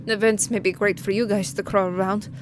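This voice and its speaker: Woman streamer cooing softly. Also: medium pitch, level tone, fairly quick, noisy background. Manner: soft, cooing to her pet. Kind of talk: casual chat while reading a game story. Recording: game music in the background.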